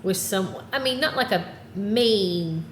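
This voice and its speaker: A woman's voice: medium pitch, animated, a little slow. A woman fitness coach chatting casually on a podcast, blunt and joking. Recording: roomy with noticeable background noise.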